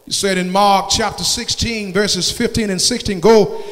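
A man preaching a sermon, calling out to the congregation and swinging from shouts down to hushed tones. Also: high-pitched, steady tone, normal speed. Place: church sanctuary. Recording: church hall reverb.

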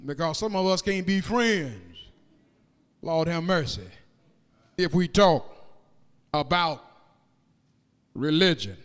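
A man preaching a sermon in a church, moving into sung, rising cadences and shouted peaks, and drawing out key words slowly. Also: a little high, lively intonation. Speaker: pastor. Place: church sanctuary. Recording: long reverb of a large hall.

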